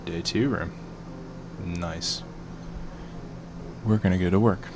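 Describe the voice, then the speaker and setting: A man's voice: sits low, slow pace, noisy background. A man streaming a game playthrough, commenting in a laid-back, joking way.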